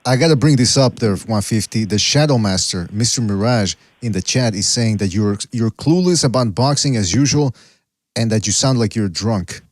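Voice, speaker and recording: A man's voice: fairly low pitch, lively intonation, normal speed, darkish tone, no echo, studio quality. A man hosting a boxing call-in podcast, teasing callers and laughing often. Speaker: podcast host.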